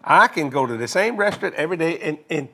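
An older man casually telling a long story, animated and laughing as he acts out both sides of a conversation. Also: on the high side, quick pace, vocal fry. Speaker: guest telling a marriage story.

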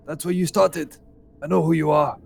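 A man's voice: on the high side, steady tone, moderate pace, vocal fry, darkish tone, a little hiss or hum. A man voicing Victor, a weary, courteous monster hunter who talks in polite, formal phrases. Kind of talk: tabletop role-play.

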